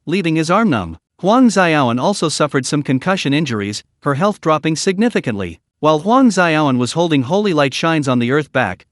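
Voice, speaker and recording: A man reading a story recap in a steady, even scripted narration. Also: on the high side, dry recording, clean studio sound.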